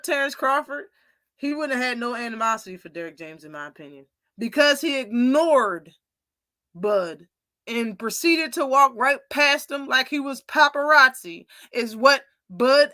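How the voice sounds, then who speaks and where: A young woman with a high, bright voice hosts a casual live commentary, talking in an opinionated, animated way and acting out the lines she quotes. The sound is close and dry, with no room around it. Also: no room sound. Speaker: host.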